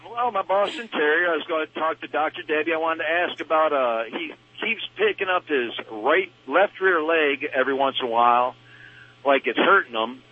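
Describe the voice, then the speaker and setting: A man's voice: on the high side, normal speed, husky. A man calling in to a radio show, chatty and describing his dog's symptoms in detail. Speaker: caller. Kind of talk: phone-in question. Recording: dull phone-in line.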